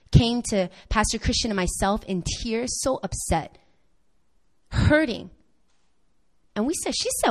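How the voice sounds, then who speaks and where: A woman pastor preaching a sermon, telling a church story with lively acted-out quotes. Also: medium pitch. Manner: animated storytelling, acts out quoted voices.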